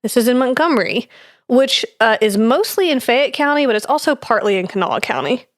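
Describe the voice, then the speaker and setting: A woman's voice: on the high side, very animated, brisk, dry recording, clean studio sound. Chatty woman reading ghost notes. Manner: reads from notes with fillers, laughs easily. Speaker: podcast co-host presenting research. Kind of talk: casual chat.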